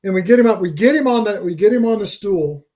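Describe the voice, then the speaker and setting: Middle-aged guy telling a story on a podcast, animated, repeats himself, high-ish voice. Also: fast. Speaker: podcast guest. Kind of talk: casual storytelling.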